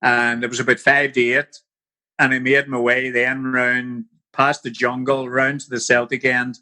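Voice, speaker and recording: Bright-voiced older Northern Irish man. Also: medium pitch, monotone, a little slow. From Belfast. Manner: vivid anecdotal storyteller. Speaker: podcast guest. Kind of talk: casual storytelling interview.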